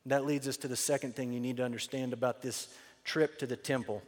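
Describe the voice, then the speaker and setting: A man's voice: medium pitch, fairly even intonation, a little fast, long reverb tail. A man preaching a sermon as a pastor, telling a story with emphasis and dropping to an earnest tone for key points.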